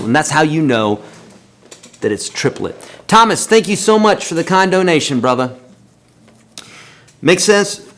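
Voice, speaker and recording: A man's voice: a little high, very animated, a little slow, long pauses. A man teaching a live-streamed guitar lesson, counting beats aloud in a chatty, encouraging way.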